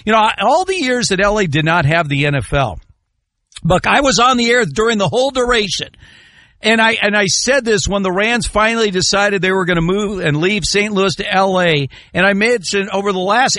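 A male radio host chatting casually about sports, animated and joking, his voice jumping up loudly at times. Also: high voice, moderate pace, no echo, studio quality. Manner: animated, jokey, swings to loud exclamations.

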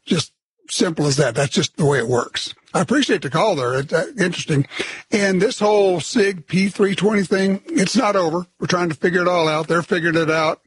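A man's voice: high-pitched, fairly quick, a little hiss or hum, low-quality recording. A man hosting a call-in radio talk show, plainspoken and blunt.

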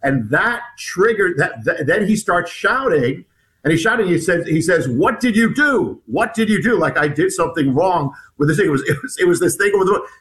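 Appearing as a guest author in an interview, a man tells a personal story haltingly, with frequent restarts and repeated words. His voice is fairly high, expressive and a bit bright, and the audio is poor.

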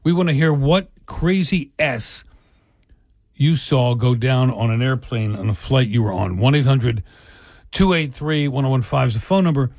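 A man hosting a morning radio show, relaxed and chuckling, sometimes stumbling for words. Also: medium pitch, moderate pace, no room sound. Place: radio studio.

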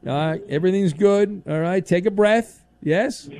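A man's voice: high-pitched, normal speed, a little mellow. A man hosting sports talk radio, playful and teasing as he takes calls and reads the news.

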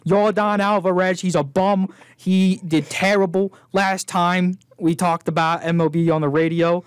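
Joking young man, slightly high voice. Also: fairly even intonation, unhurried, clean tone, no echo, studio quality. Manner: joking, hyperbolic, repetitive. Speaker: radio show co-host. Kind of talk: casual sports chat.

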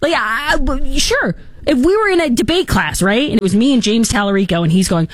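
A woman in her thirties hosting a show, talking in casual, sarcastic commentary and jumping into high mocking voices. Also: animated, brisk, dry recording. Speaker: host.

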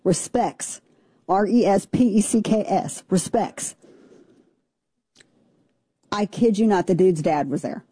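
A woman's voice: medium pitch, moderate pace, few pauses, warm tone, breathy edge, dry recording. A woman in her forties, co-hosting a casual on-air chat, telling stories with self-mocking asides. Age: 40s. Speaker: radio show co-host.

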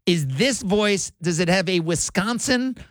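High-pitched guy hosting sports radio call-ins, dry close mic, laughs a lot. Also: expressive, a little slow, dry recording.

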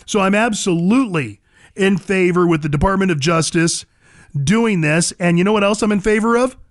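Fired-up high-voiced male radio host. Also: normal speed, dry recording, studio quality. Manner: emphatic, fired-up, repeats himself for punch. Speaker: radio talk show host. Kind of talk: opinionated talk radio monologue.

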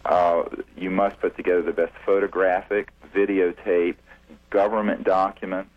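Deep-voiced male researcher, husky, halting and deliberate, heard over a tinny phone line. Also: little pitch movement. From United States. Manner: deliberate, halting with many fillers and restarts. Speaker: UFO researcher guest. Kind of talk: radio interview.

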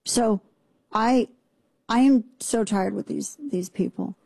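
A middle-aged woman hosting a talk radio show, ranting in a fast, sarcastic, indignant way. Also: medium pitch, creaky, warm tone, breathy edge, dry recording. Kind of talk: opinionated talk radio monologue. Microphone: studio microphone.

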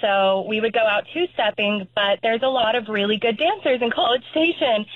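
A woman's voice: fairly high pitch, normal speed, no echo. Bubbly Texan woman on a phone line. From Texas. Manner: bubbly, laughs easily. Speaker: caller. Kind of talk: radio call-in chat.

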